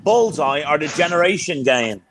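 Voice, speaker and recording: A man's voice: fairly high pitch, expressive, moderate pace, a bit bright, a little hiss or hum. A man with an Irish accent, co-hosting a casual chat show, laid-back and matey. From Dublin, Ireland. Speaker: co-host.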